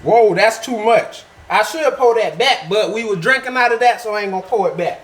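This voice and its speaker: A man's voice: high-pitched, animated, brisk. A man making a casual, playful how-to vlog in his home kitchen, joking as he goes. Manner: playful, joking, laid-back. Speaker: vlogger. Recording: echoey room with faint background noise.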